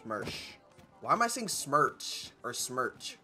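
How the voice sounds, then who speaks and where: A man's voice: mid-range voice, big pitch swings, slow pace, pushed and bright, faint music behind. Rambling, jokey male game streamer. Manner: rambling, jokey, talks to chat. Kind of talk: casual gameplay commentary.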